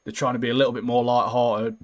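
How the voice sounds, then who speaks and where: A man chatting casually about an anime as podcast co-host, slangy and animated, trailing off quietly at the ends of lines. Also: mid-range voice, quick pace. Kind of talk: casual anime recap chat.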